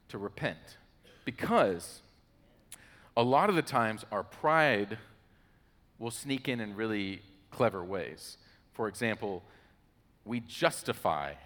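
A man's voice: on the low side, fairly bright tone, in a large hall. A man hosting a casual Christian talk, chatty and full of fillers. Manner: chatty, with many "like" fillers and laughs.

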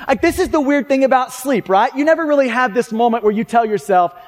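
A male preacher with a very high voice for a man, delivering a sermon in a chatty, conversational way. He keeps checking in with the listeners and often restarts his sentences. His voice trails off into the long reverb of a large church hall. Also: quick pace. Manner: conversational, frequent tag questions and restarts. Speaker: pastor.

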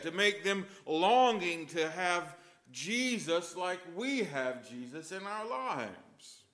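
A male priest preaching a sermon with lively storytelling and emphatic points. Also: high voice.

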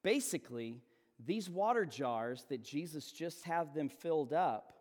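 A man preaching a sermon to students, retelling a story in a lively, conversational way with frequent restarts. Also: on the high side, unhurried, long reverb tail. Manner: animated storytelling, repeats words, addresses students.

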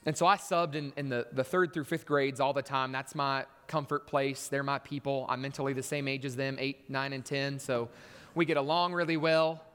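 A man's voice: mid-range voice, steady tone, normal speed, fairly bright tone, smooth, long reverb tail. A man preaching a sermon in a church, telling stories and acting out voices with punchy emphasis.

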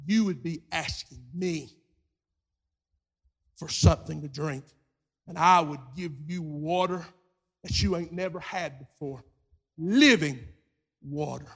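A man preaching a sermon, moving from quiet storytelling to shouted preaching and acting out voices in his retelling. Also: fairly high pitch, slow, long pauses, husky.

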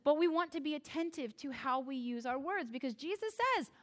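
A woman from the United States preaches with a high, bright-sounding voice. She is expressive and playful, dropping in wry self-deprecating asides and acting out little quoted exchanges. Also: brisk. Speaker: pastor. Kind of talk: sermon.

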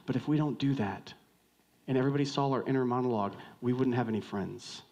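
A man preaching a sermon in a conversational, joking way, swinging from loud outbursts to hushed lines and questioning the congregation directly. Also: mid-range voice, animated, fast. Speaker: pastor.

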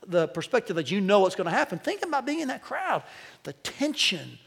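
A male pastor preaching a sermon to a church congregation, animated, his voice climbing as he quotes. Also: high-pitched, brisk, gravelly, husky. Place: church sanctuary.

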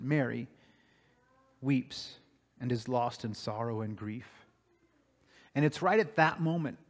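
A man preaching a sermon, telling a story dramatically and swinging between hushed, slow passages and raised, excited ones. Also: fairly high pitch, big-room sound. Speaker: pastor.

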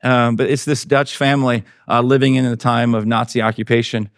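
A man's voice: medium pitch, level tone, a little fast, no room sound, clean studio sound. A male pastor giving a sermon in an earnest, conversational way.

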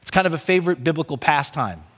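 Pastor guy preaching, high lively voice, bounces around a lot, echoey church. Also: quick pace. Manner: animated, conversational preaching with acted-out asides. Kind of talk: sermon.

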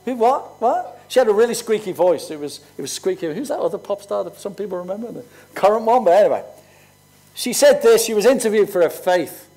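Older pastor in his sixties, high-pitched, chatty storytelling sermon. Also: expressive, fast talker, warm tone. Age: 60s. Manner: conversational, storytelling preacher. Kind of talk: sermon with personal stories.

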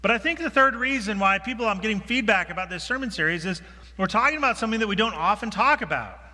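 A man preaching a sermon as pastor, talking in a relaxed, self-deprecating, conversational way with restarts. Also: sits high, fast. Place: church sanctuary. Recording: reverberant church sanctuary.

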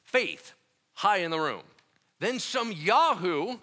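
Lively, bright-voiced male preacher. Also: sits high, slow pace. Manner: animated, conversational, slangy preaching; swings between quiet and loud emphatic stretches. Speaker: pastor. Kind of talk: sermon.

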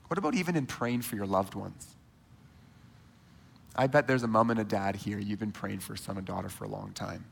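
A man in his thirties preaching a sermon to a church congregation in a conversational, animated way, speaking straight to his listeners. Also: fairly low pitch, fairly quick, creaky, long pauses, breathy edge, in a large hall. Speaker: pastor. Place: church sanctuary.

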